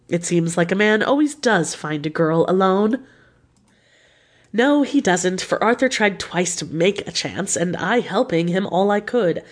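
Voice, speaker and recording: A woman reading a novel written as letters aloud, with a lively, confiding, expressive delivery. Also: on the low side. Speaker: audiobook reader.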